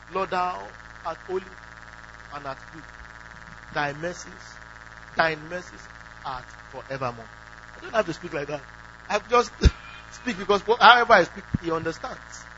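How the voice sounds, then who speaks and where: A man's voice: high voice, bright, forceful tone. A man preaching a sermon who asks the congregation questions and acts out quoted prayers. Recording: dull lo-fi recording with faint hum.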